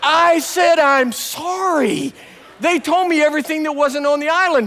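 An older male pastor delivers a sermon in a high-pitched voice. He tells stories with animated swings between quiet asides and loud outbursts. His voice carries a long reverb from a large sanctuary. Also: measured pace, slight background noise.

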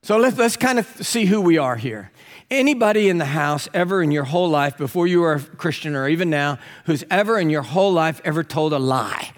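A man delivers a sermon in a church with a long, ringing reverb. His voice sits a little high for a man. He tells stories with animated energy and climbs even higher when he acts out other people's lines. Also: a little fast. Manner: animated, rising to high excited pitch when quoting. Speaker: preacher. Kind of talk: sermon with storytelling. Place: church sanctuary.

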